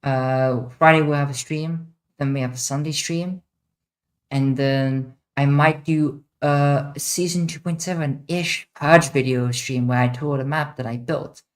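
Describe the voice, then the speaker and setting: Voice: medium pitch, steady tone, unhurried. A streamer in a casual livestream Q&A, chatting off the cuff while answering viewers' questions from a home setup.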